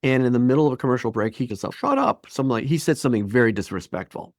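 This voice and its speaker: A man in his fifties telling a personal story as a podcast guest, lively and acting out the voices of people he quotes. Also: medium pitch, racing, no room sound, clean studio sound. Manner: animated, acts out quoted voices. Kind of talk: storytelling interview.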